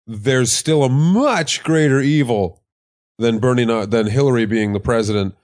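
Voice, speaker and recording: A man's voice: medium pitch, a little slow, a little mellow, dry recording, clean studio sound. A man co-hosting a podcast, mixing earnest political points with crude joking asides. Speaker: podcast co-host. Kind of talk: casual political banter.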